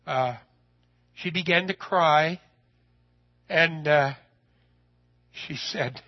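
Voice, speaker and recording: High-pitched guy preaching a story, folksy and lively, kinda dull lo-fi sound. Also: drawn-out words. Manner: folksy, animated, voice rises when excited. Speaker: preacher telling a personal story. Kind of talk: sermon storytelling.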